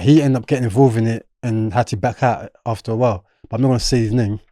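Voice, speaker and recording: A man's voice: medium pitch, dry recording, studio quality. A young man with a South London accent, a podcast guest telling a story in casual street slang and acting out what others said. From London, England. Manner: animated, street slang, acts out quotes.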